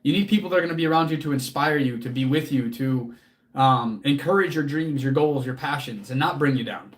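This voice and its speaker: A man's voice: mid-range voice, a little fast. A man hosting a casual livestream as a fitness coach, answering chat in an earnest, motivational way, casually swearing and close to tears.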